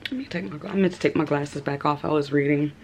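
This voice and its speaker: A woman's voice: low voice, fast, a little hiss or hum. A woman in her forties vlogging from home, telling a story with laughs and shrieks. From Texas. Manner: animated, laughing, reenacts with shrieks. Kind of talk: casual storytelling vlog. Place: at home in an apartment.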